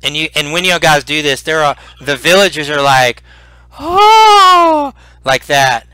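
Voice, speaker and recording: A man narrating a tabletop role-playing game as game master, animated and full of restarts. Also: fairly high pitch, moderate pace, smooth, no room sound, low-quality recording. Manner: animated, repeats words and restarts.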